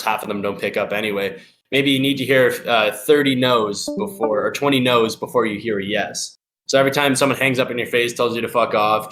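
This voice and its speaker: A man's voice: medium pitch, a bit bright. A young man giving loose, profane sales advice on a live call, acting out phone calls. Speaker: sales expert guest.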